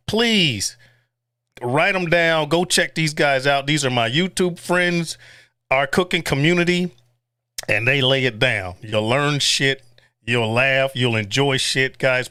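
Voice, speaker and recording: A man's voice: a little high, pushed and bright, clear, resonant tone, no echo, studio quality. A man hosting a casual livestream, blunt and profane, chuckling often and reading viewer chat aloud. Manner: chuckles often between remarks. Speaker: livestream host.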